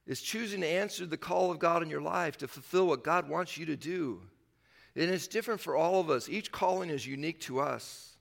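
A man in his fifties preaching a sermon as pastor, animated and acting out bits of dialogue in bursts. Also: fairly high pitch, fairly quick, creaky. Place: church sanctuary. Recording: church hall reverb with faint music.

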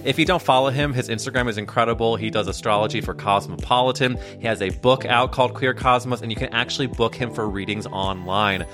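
A man's voice: mid-range voice, quick pace, few pauses, music in the background. A man hosting a podcast in a playful, gushing, flirty manner. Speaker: podcast host. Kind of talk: casual podcast chat.

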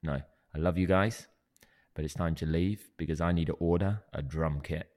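A man's voice: deep voice, fairly even intonation, normal speed, a little mellow. A man co-hosting a channel, bragging jokingly in casual banter with friends. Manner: boastful, joking. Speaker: co-host.

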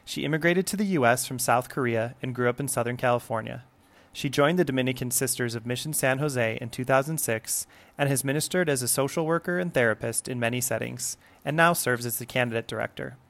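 A man hosting and producing a podcast, reading guest introductions in a measured, formal way. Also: mid-range voice, creaky, a bit bright. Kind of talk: scripted introduction.

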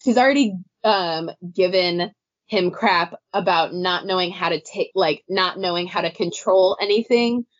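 A woman's voice: on the low side, unhurried, no room sound. Woman book-podcast co-host, rambling and filler-heavy; dry, dull recording. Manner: rambling, many "like" fillers, laughs easily. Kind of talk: casual book discussion.

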